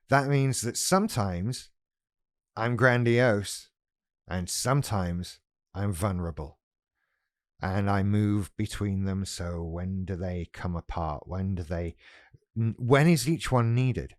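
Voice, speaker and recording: Man, casual vlog, self-mocking and animated, low voice, dry close mic. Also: dry recording. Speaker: YouTuber.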